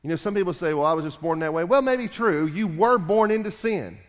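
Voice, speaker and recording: A man preaching in a church, his fairly high voice ringing through a long hall reverb. He preaches emphatically, repeats his lines, and swings between loud declarations and quiet asides. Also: animated, fairly quick. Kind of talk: sermon.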